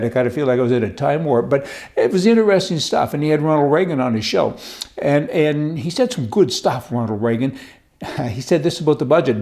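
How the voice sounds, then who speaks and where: A man with a fairly high, mellow voice delivers an off-the-cuff opinion monologue. He jokes and rants in a folksy way, full of asides. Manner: folksy, joking, opinionated ranting. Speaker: political commentator.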